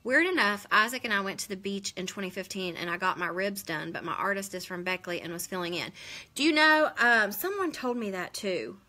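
A woman's voice: mid-range voice, lively intonation, fairly quick, sharp tone. A woman, chatting casually on a live stream, rambling and answering viewers' comments. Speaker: beauty vlogger hosting a live stream.

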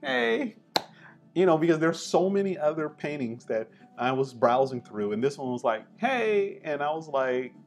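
Relaxed, chatty man with an average voice. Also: medium pitch, moderate pace, few pauses, faint music behind. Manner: relaxed, chatty, enthusiastic, full of fillers. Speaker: host. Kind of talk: casual art appreciation vlog.

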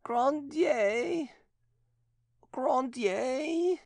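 A male audiobook narrator voicing a possessed nun, with a demon answering through her in a high, strained falsetto and slow, halting words. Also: lively intonation, creaky, darkish tone, no echo, full character voice. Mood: halting, eerie.

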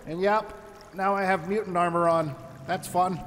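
Playing through a survival game, a male commentator keeps up a chatty, jokey let's play patter and addresses enemies as he battles them. His voice is high and fairly bright, with fairly even intonation at normal speed. A long reverb tail and slight background noise color the audio.

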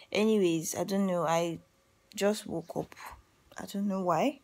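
A young Nigerian woman with a Nigerian accent chatting in a casual vlog at home, drifting from sleepy mumbles to excited outbursts. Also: medium pitch, slow. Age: young adult. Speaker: vlogger. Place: at home, indoors.

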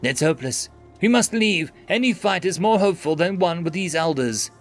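A man's voice: sits high, animated, moderate pace, faint music behind. A man voicing a blunt alien starship captain. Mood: urgent.

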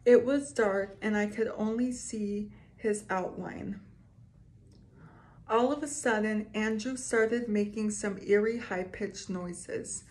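A woman's voice: medium pitch, a little mellow. Woman reading spooky stories to her audience, taking her time, with small reactions between lines. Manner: slow, reads aloud with asides and reactions. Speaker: storyteller reading creepy stories. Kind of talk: casual reading of scary stories to viewers.

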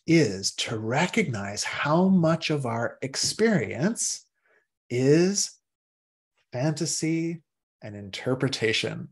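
A male meditation teacher giving a casual class talk, acting out inner voices with sudden jumps into a high, excited tone.

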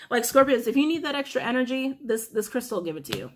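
A woman's voice: fairly high pitch, big pitch swings, fast, few pauses, heavy background noise. A chatty woman talks her viewers through a tarot reading in an easy, casual way. She leans hard on her points and says them again and again. Her laugh slips in often between the cards. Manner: chatty, emphatic, repeats phrases, laughs often. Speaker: tarot reader.

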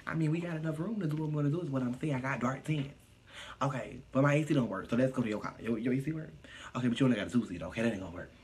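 A man live streaming casual chat, reading viewer comments aloud and answering them in a sassy, profane, animated way. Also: mid-range voice, racing, a little hiss or hum.

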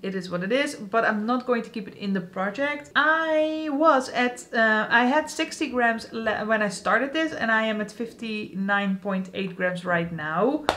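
Young female beauty vlogger, slightly high voice, chatty and self-mocking, casual to-camera chat. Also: unhurried, few pauses, a bit bright. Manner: chatty, self-deprecating, laughs often, restarts sentences.

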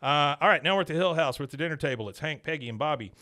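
A man hosting a podcast, casually retelling a cartoon episode scene by scene and dropping into quick voices for the characters. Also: on the high side, animated, pushed and bright. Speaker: podcast host recapping episodes. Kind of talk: casual recap chat.

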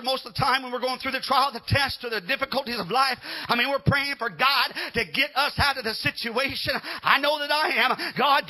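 A man preaching a fervent sermon, shouting amens and hallelujahs, a little out of breath. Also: very high-pitched. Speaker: pastor.

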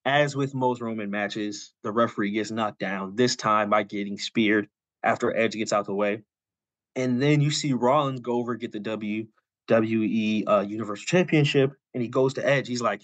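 A man of middle pitch spins out a long story in a relaxed, meandering way, leaning on "like" and "you know" as he goes. He slips into quick acted lines for the people in his story. The voice sits close to the mic in a dry, dead room. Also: no room sound. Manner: loose and rambling, full of "like" and "you know"; acts out quoted lines in passing. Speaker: podcast co-host. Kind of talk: casual storytelling on a podcast.

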